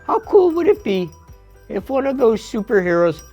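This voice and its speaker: A woman's voice: fairly high pitch, sing-song, normal speed, warm tone, breathy edge, lo-fi sound, soft background music, full character voice. A woman voicing a shy, good-hearted young pup in a kids' puppet show, talking in a bashful way. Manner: bashful, sing-song.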